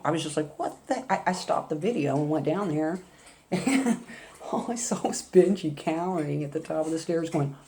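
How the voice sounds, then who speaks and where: A woman's voice: low-pitched, warm tone. An older woman vlogging, telling a rambling, chatty story in a casual way. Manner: rambling, chatty, with laughs and asides.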